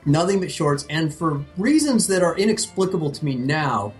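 A man co-hosting a casual podcast, his pitch swinging widely as he tells a story. He talks in an animated, profane way and often laughs at his own tale. Faint music sits under the voice. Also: normal speed. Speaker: podcast co-host.

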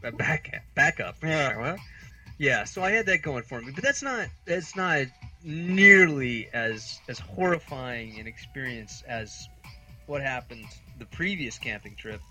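Man from the United States, podcast co-host, rambling comic storyteller, exasperated, self-mocking, bright voice. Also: medium pitch, lively intonation, a little slow, soft background music, low-quality recording. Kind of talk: casual comedic storytelling.

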